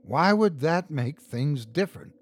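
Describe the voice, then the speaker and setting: A man reading a horror story aloud as host and narrator, tense and dramatic, shouting out the characters' lines. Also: on the high side, animated, measured pace.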